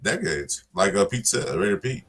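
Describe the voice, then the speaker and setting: A man's voice: fairly low pitch, big pitch swings, normal speed, a bit bright. A man in his fifties from California, co-hosting a casual live-stream chat, emphatic and swearing now and then. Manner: emphatic, swears while reminiscing. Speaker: co-host.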